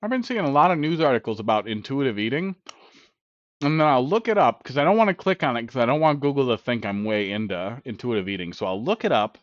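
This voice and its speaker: A man's voice: mid-range voice, animated, quick pace, dry recording. A man hosting a casual cooking live stream, chatting bluntly and profanely while he eats, heard on dull lo-fi stream audio.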